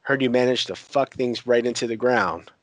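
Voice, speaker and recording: A man's voice: mid-range voice, no echo, lightly acted. A man voicing a brash, mocking older pirate uncle while retelling a TV scene. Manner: taunting, crude, unhurried.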